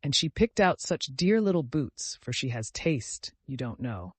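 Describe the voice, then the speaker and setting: A man's voice: mid-range voice, very animated, unhurried, no echo. A man voicing a timid, devout young woman who speaks in an earnest, pleading, distressed way.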